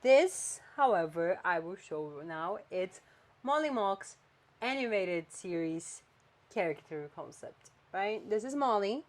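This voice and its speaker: A woman's voice: mid-range voice, takes it slowly. Chatty woman podcast host. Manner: animated, chatty, swings between flat and emphatic. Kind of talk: casual chat.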